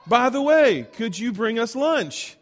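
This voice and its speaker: Brief: pleased, fussy older dad, high and excited, voiced by a man, long reverb. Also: takes it slowly, a faint crowd, heavily acted. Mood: eager. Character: fussy older father, over-early and pleased.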